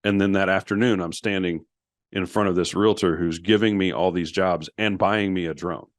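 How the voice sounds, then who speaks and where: A man's voice: low-pitched, fairly even intonation, normal speed, no echo, clean studio sound. A man as a podcast guest, earnestly retelling an emotional story with many restarts and quoted dialogue.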